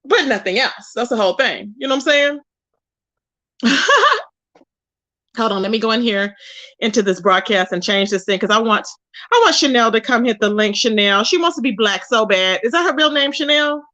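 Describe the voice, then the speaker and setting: A woman hosts a casual livestream, reading chat aloud and sassily roasting a rival while drawling endearments like "baby" and "boo" at viewers. Her voice is a little high and sharp, at normal speed.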